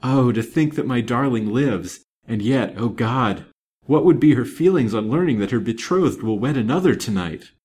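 A man's voice: fairly low pitch, moderate pace, few pauses, slightly rough. A man voicing an elderly banker grieving his daughter, speaking in trembling, fervent exclamations.

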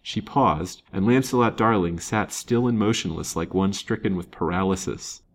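A man narrating an old serial novel in a measured, dramatic storybook reading. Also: sits low.

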